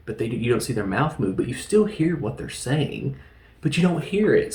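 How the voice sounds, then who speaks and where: A man's voice: on the high side, very animated, moderate pace, warm tone, echoey room. A man giving a casual, rambling movie recap, joking and laughing at what he describes. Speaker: film reviewer.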